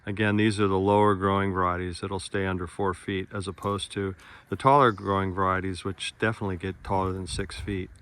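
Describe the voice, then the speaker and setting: A man with a Californian accent giving a relaxed outdoor garden demonstration, explaining plainly with small asides. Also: low voice, a little fast, hardly any pauses. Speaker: nursery gardener.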